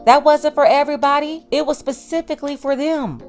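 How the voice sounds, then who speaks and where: Pointed woman with a high voice. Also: brisk, over loud music. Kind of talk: commentary narration.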